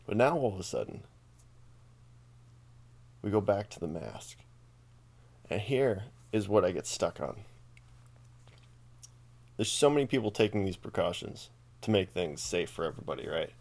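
A man with a low voice hosts a podcast and rambles through a casual comedic rant. He swears freely and keeps amusing himself as he talks. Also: sing-song, moderate pace, vocal fry, pauses often, darkish tone. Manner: profane, rambling, self-amused. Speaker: podcast host.

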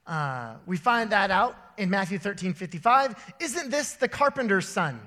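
A young man delivers a sermon in a church auditorium, his bright, high voice carrying a long reverb from the big room. He tells stories with lively put-on voices before turning to scripture. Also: normal speed. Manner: storytelling with animated voices and laughter. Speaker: pastor.

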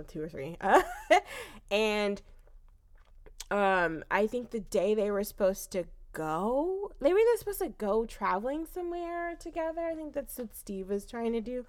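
A woman co-hosting a casual chat, recapping a story with blunt remarks and frequent laughter. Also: mid-range voice. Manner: animated, laughs often, blunt.

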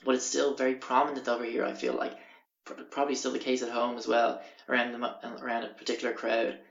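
Irish man, young, casual storytelling, swears a lot, gravelly voice, roomy dull lo-fi sound. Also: medium pitch, completely flat delivery, fast. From Ireland. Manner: rambling, swears often, acts out quotes. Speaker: podcast host.

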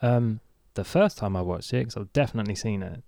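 A man's voice: fairly low pitch, fairly quick, creaky, dark tone, no echo, clean studio sound. A young man co-hosting a casual podcast, laid-back and giving short replies. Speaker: podcast co-host.

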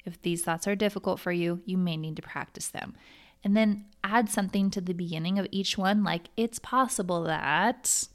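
Upbeat encouraging woman, lower voice. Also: fairly even intonation, fairly quick. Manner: upbeat, encouraging, chatty with frequent "like". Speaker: podcast host. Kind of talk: motivational coaching talk.

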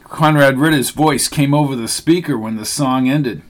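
A male narrator reading a novel aloud. He keeps a steady, measured pace in a mid-range voice. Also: mid-range voice. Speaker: audiobook narrator. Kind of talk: scripted narration.

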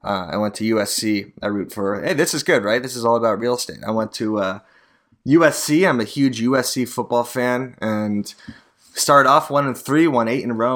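A man's voice: lowish voice, a little fast, a bit bright. A man from Arizona hosting a podcast alone, talking in a rambling, profane and sardonic way. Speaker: podcast host, real estate agent. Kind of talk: casual solo podcast monologue.

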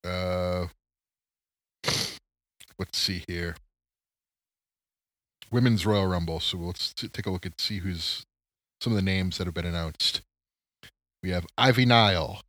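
A man's voice: low voice, a little slow, pauses often, a bit bright, dry recording. A man hosting a solo podcast, chatting casually about sports late at night, rambling and self-mocking, tired and yawning. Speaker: podcast host.

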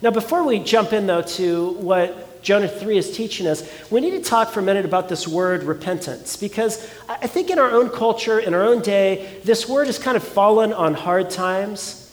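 High-voiced pastor preaching in a hall. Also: male voice, expressive, moderate pace, hardly any pauses. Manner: earnest, conversational preaching with rhetorical questions. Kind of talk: sermon.

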